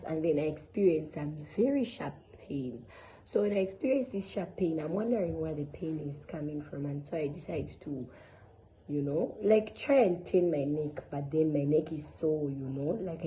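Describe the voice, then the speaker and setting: Young woman telling a story, mellow voice. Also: low voice, a little hiss or hum, rough recording. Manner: chatty, addresses viewers as guys, many fillers. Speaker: vlogger sharing a testimony. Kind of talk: casual storytelling to camera.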